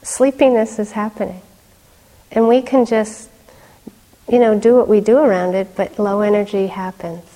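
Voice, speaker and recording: A woman's voice: medium pitch, steady tone, moderate pace. Woman giving a meditation talk in a hall. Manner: warm, conversational teaching with soft laughs and fillers. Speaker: meditation teacher. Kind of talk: dharma talk. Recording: long hall reverb.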